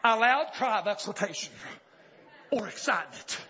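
A high, cutting male voice preaching, leaping between easy, joking asides and sudden hollered cries. The pitch swoops widely as he drives his sermon home. It comes through a dull, lo-fi recording with a faint congregation behind him. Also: moderate pace, a faint crowd. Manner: swings from calm talk to hollered exclamations, folksy humor.

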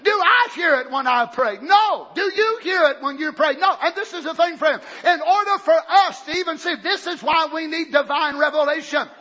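A man preaching a sermon with fervent shouting and exclamations of praise, in a dull lo-fi recording. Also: extremely high pitch, normal speed, few pauses.

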